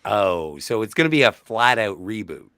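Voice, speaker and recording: A man's voice: lowish voice, very animated, normal speed, fairly bright tone, dry recording. A man co-hosting a late-night live stream, rambling and joking with the others. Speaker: co-host.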